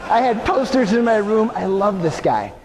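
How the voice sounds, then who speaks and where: A man's voice: sits high, moderate pace, a little hiss or hum. A man giving a live motivational keynote, telling stories energetically and turning to the audience with questions. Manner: energetic storytelling with asides to the audience. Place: large venue before an audience. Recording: long hall reverb.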